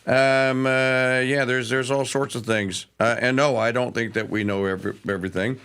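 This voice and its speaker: A male talk radio host rambles through the news in a loose, self-correcting way. His voice sits at an ordinary pitch with a bright, forceful tone. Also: fairly even intonation, moderate pace, clear, resonant tone. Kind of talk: casual live talk radio.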